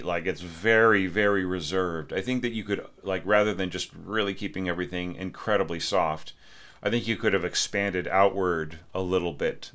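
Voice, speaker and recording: Low-voiced man giving casual music critique. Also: fairly bright tone. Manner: conversational, with many fillers and restarts; hums musical lines aloud. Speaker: orchestration teacher reviewing a student's score.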